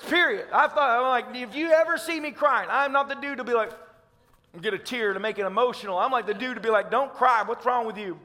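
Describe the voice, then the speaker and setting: A man's voice: extremely high pitch, fast talker, pushed and bright, in a large hall. A man from Tennessee with a Southern accent, preaching a fervent, emphatic sermon as pastor. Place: church sanctuary.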